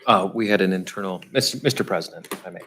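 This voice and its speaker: Low-voiced mayor dodging a question, keeps repeating himself, guarded. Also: male voice, fast talker, fairly bright tone, slight background noise. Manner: evasive, repetitive, guarded. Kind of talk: council meeting remarks. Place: city council chamber.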